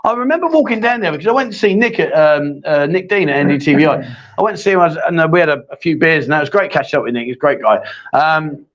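A man's voice: fairly high pitch, animated, fast talker. Jokey man hosting a chat show. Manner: chatty, jokey, reads viewer questions aloud. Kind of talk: casual live chat show. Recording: dull lo-fi stream audio.

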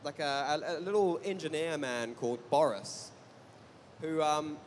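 A man on a live panel, a podcast game master, telling a halting anecdote about a character he plays. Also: a little high, slight background noise. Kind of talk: casual panel chat.

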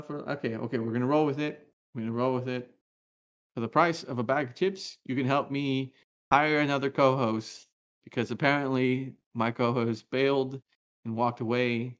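A man co-hosting a podcast in casual chat, rambling and playful, laughing often. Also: medium pitch. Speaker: podcast co-host.

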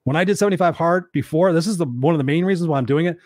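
A man's voice: fairly high pitch, rapid-fire, a little mellow, no room sound, clean studio sound. A man giving a blunt, profane motivational monologue, hammering his points home with rhetorical questions. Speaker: motivational speaker.

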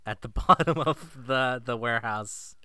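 A man's voice: mid-range voice, measured pace, sharp tone, no room sound, studio quality. A man co-hosting a casual movie-review chat, summarizing the plot in a laid-back, wry way. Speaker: podcast co-host.

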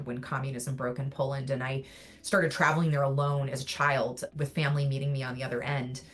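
Woman founder, low voice, earnest and reflective, casual interview guest. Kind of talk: conversational interview.

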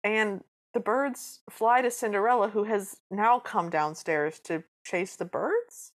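A woman with a mid-pitched voice walks through a film's plot for a podcast. She tells it casually and briefly acts out what the characters say. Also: a little slow. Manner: chatty narration with acted-out quotes. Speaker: podcast co-host. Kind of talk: casual recap chat.

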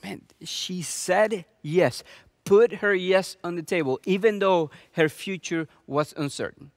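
Male pastor, high voice, dry close recording, earnest sermon delivery. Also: unhurried, no echo. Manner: earnest, with many rhetorical questions.

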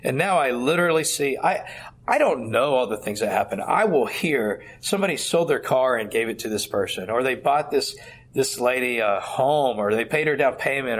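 A middle-aged man, a pastor, giving earnest interview answers and telling stories with quoted dialogue. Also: mid-range voice. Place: at a church conference.

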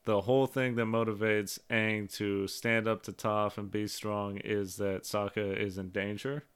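A man's voice: fairly low pitch, little pitch movement, unhurried, a bit bright, smooth. A man co-hosting a podcast, casually recapping episodes, swearing and quoting lines. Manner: retells scenes with quoted lines. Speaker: podcast co-host.

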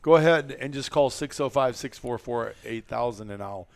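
Male podcast host, easygoing and rambling, chuckles, middle pitch, mid-sentence restarts. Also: moderate pace. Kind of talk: casual podcast chat.

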